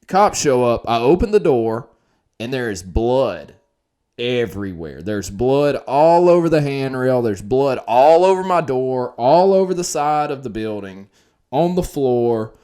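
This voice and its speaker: Male storyteller, mid-pitched, animated and foul-mouthed, loud-soft swings. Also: measured pace, clean tone. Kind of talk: casual storytelling on a podcast.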